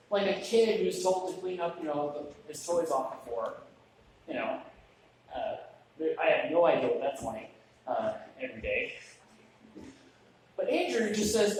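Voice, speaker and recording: In a church sanctuary, a preacher delivers a chatty, conversational sermon full of joking asides and restarts. His high voice is very animated, moving at normal speed with frequent pauses. The distant mic catches heavy room echo plus a little hiss or hum.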